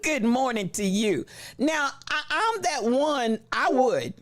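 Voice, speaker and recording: Animated, playful livestream host. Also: sits high, slow pace, no room sound. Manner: animated, playful, laughs often, slangy shout-outs. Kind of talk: casual livestream chat reading viewer comments.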